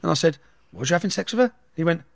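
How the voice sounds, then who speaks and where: A man's voice: a little high, expressive, rapid-fire, creaky, no echo, studio quality. A middle-aged man, telling a story at speed in an interview and acting out the dialogue. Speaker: guest.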